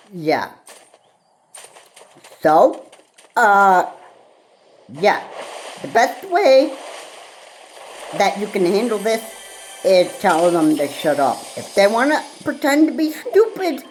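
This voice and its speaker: Woman, solo vlog rant, very unhurried, halting, repetitive, fillers, faint background hiss. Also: medium pitch, big pitch swings, a little mellow, poor audio. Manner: halting and repetitive, frustrated, with many pauses and fillers. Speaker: vlogger.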